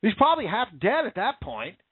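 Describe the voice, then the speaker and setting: A man's voice: high voice, wildly swooping pitch, brisk, breathy edge, no echo. A man giving a heated, sarcastic political rant, swearing as he talks. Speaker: political commentator. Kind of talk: angry ranting monologue. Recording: tinny phone-like sound.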